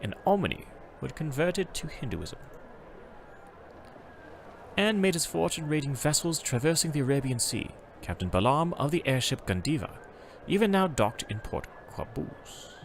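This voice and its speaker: A man streaming a travel game, reading its text aloud and chatting casually, in an animated, self-correcting way. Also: fairly high pitch, normal speed, gravelly, slight background noise.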